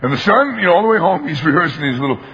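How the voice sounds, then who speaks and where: A man's voice: fairly high pitch, animated, racing, fairly bright tone. A man preaching a sermon, telling a story with emphatic animation and acting out the voices of its characters. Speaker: pastor. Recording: long hall reverb, dull lo-fi sound.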